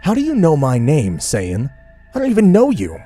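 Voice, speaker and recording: A man's voice: a little high, huge pitch swings, normal speed, dark tone, faint music behind, pitched above the performer's own voice. Guy doing a proud destruction god, haughty and bossy, darker tone. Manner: haughty, commanding.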